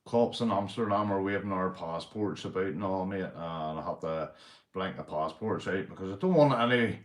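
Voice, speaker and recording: A man's voice: sits low, normal speed. Rambling Northern Irish man, roomy echo. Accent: Northern Irish (Belfast). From Northern Ireland. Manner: rambling, swears a lot, says mate and big up constantly. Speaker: livestream host. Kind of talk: casual livestream chat, reading out viewers.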